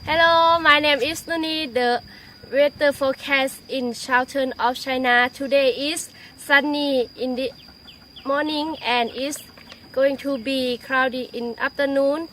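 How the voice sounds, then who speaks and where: High, slow Lao-accented woman presenter. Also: fairly even intonation, fairly bright tone, a little hiss or hum. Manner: halting learner English. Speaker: weather presenter. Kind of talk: student role-play weather report.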